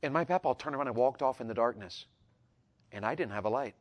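A man telling a folksy personal story, animated and repetitive, rising to loud peaks. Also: medium pitch, fast talker, muffled recording. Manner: animated, repeats words, builds to loud peaks. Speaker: storyteller speaker.

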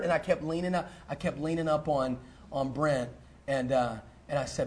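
A middle-aged man, a pastor telling a personal story in a sermon, animated and full of fillers and restarts. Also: fairly high pitch, moderate pace. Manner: animated, repeats himself, lots of fillers.

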